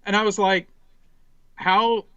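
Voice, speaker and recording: A man in his forties, a podcast guest, telling an animated, rambling story in casual chat, full of restarts. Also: high voice, slow, clear, resonant tone, no echo, dull audio.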